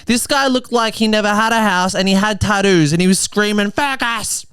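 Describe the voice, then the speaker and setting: A man's voice: high-pitched, steady tone, fairly bright tone, clean tone, no room sound. A young Australian man in his twenties hosting a podcast, delivering a chatty comedic monologue that turns to social commentary. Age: 20s. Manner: quick, chatty storytelling with asides.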